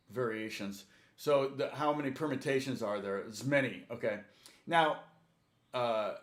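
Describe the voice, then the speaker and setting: Chatty male guitar teacher, laughing. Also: mid-range voice. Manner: chatty, rambling, laughs often, talks to viewers by name. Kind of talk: live-streamed guitar lesson chat.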